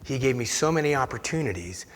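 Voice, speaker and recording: A man's voice: medium pitch, lively intonation, fast talker, fairly bright tone, slight background noise. Man preaching in a reverberant church. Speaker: pastor. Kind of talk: sermon. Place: church sanctuary.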